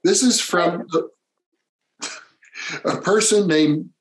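A man hosting an interview, gentle and measured, reading out viewer questions. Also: high voice, poor audio. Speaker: host.

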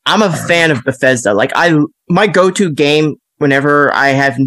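A man hosts a casual podcast in a slightly high voice. He is animated and laughs often, acting out the scenes he describes. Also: normal speed, no room sound. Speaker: podcast host. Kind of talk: casual chat.

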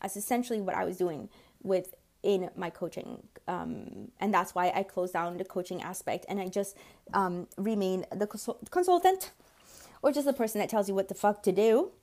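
A podcast host and consultant in her forties tells personal stories in a chatty, casual monologue, acting out quoted voices and swearing now and then. Her mid-range voice has a darkish tone and moves at normal speed.

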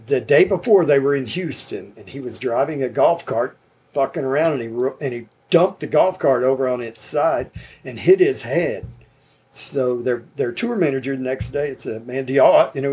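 A man's voice: medium pitch, a little mellow, husky. A man telling rambling, laid-back stories in casual chat, swearing easily.

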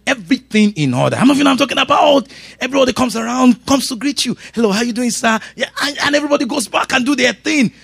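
A middle-aged man preaching a sermon in an animated way, laughing and shouting his punchlines. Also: very high-pitched, rapid-fire, vocal fry, husky, no echo, studio quality. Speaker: pastor.

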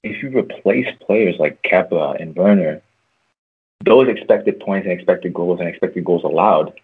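A young man co-hosting a casual sports chat, arguing his points in quick interjections. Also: low-pitched, a little mellow, slightly rough, rough recording. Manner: argumentative, short interjections. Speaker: podcast co-host.

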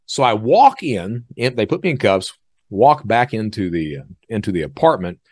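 A man hosting a podcast, telling a story in a casual, animated way and acting out other people's lines. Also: on the low side, moderate pace, no room sound, studio quality. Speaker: podcast host.

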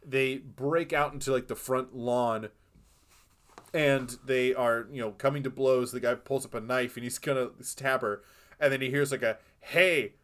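A man co-hosting a film podcast, retelling scenes in a rambling, animated way with acted-out quotes. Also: medium pitch, moderate pace. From lives in Boston. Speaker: podcast co-host. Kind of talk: casual film discussion.

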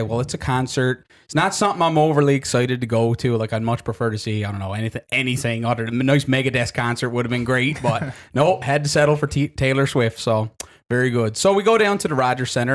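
A man on a casual podcast, telling a long story with frequent swearing and laughter. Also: mid-range voice. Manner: swears freely, laughs through his story. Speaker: podcast co-host.

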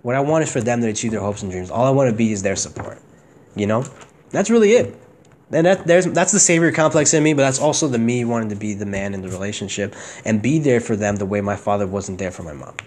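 A man's voice: fairly low pitch, animated, quick pace, darkish tone, slight background noise. A young man hosting his own podcast, telling a personal story in a casual, rambling way, full of slang and swearing. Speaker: podcast host.

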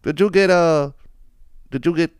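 A man's voice: fairly high pitch, unhurried, clear, resonant tone, dry recording, clean studio sound, pitched above the performer's own voice, lightly acted. A man putting on the voice of a friendly, helpful male passerby who hesitates and fumbles for ideas.

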